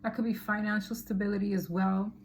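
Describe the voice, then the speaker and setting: A woman giving a casual tarot reading to camera, chatty and animated, often laughing and exclaiming. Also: medium pitch, a little fast, a little hiss or hum. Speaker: tarot reader.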